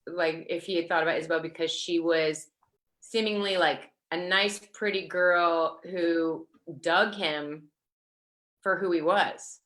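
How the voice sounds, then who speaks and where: Bright-voiced woman, rambling interview guest. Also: fairly low pitch, fairly even intonation, measured pace. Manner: rambling, full of fillers and restarts. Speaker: guest actor. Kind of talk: casual interview chat.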